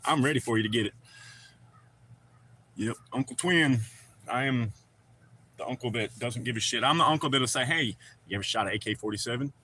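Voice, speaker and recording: A man's voice: mid-range voice, brisk, pauses often, pushed and bright, a little hiss or hum. A man hosting a casual livestream, chatting loosely and greeting viewers by name. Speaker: livestream host. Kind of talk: casual live chat reading comments.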